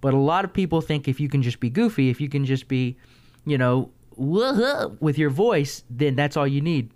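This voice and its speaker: A man hosting a casual chat, talking in an animated way and working through examples. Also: medium pitch, brisk.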